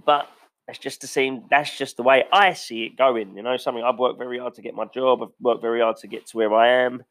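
A man's voice: medium pitch, fairly even intonation, fairly quick, no room sound. A man, a driver, ranting bluntly and passionately in casual talk, with some swearing. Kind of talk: casual opinion rant.

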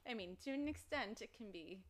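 A woman's voice: medium pitch, animated, fairly quick. A young woman, a podcast guest, telling candid stories in a casual chat. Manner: candid storytelling, frequent laughs. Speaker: podcast guest, former dominatrix.

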